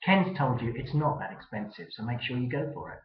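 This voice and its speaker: A man giving trademark advice in an interview, in a direct and brisk way. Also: mid-range voice, big pitch swings. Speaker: trademark attorney guest. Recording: echoey, dull web-video sound.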